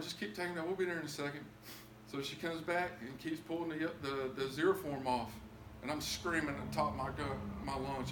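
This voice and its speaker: A man's voice: medium pitch, a bit bright, roomy sound, a little hiss or hum, poor audio. A man telling a personal testimony, repeating himself and building up to emotional cries. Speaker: testimony speaker.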